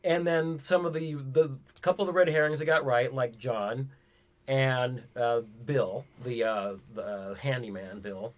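Guy chatting about a slasher flick, mid pitch, rambles and acts out bits. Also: steady tone, unhurried. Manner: rambling, retells scenes with quoted voices. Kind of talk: casual movie discussion.

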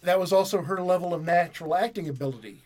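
A man with a fairly high voice leads a loose, jokey movie talk, swearing freely. He stays relaxed and wry while reading from the box. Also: fast. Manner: joking, profane, reads aloud from a box. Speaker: podcast host. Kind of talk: casual movie review chat.

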